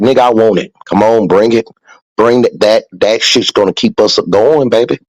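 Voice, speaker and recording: A man's voice: lowish voice, moderate pace, dry recording, rough recording. A man hosting a podcast, talking casually and preachily, with lots of swearing and repeated points. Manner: profane, preachy, emphatic with repetition. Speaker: podcast host. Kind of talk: casual motivational podcast talk.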